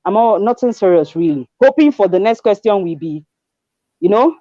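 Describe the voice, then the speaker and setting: Twenties, Nigerian accent, mellow tone, expressive storyteller who slips into pidgin, dry close recording. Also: female voice, medium pitch, moderate pace, no echo, lo-fi sound. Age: 20s. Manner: animated storyteller, acts out dialogue, mixes in pidgin. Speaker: guest. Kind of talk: conversational testimony.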